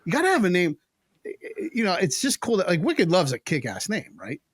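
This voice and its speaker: Enthusiastic radio host from New Jersey. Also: male voice, high-pitched, huge pitch swings, brisk, husky, no room sound, clean studio sound. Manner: enthusiastic storyteller, talks over others. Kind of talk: casual chat.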